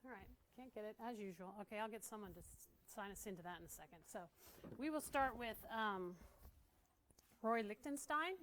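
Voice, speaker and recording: A woman's voice: medium pitch, lively intonation, brisk, fairly bright tone, a little hiss or hum. A woman giving a casual training talk to art teachers, chatty and laughing often as she acts out what kids say.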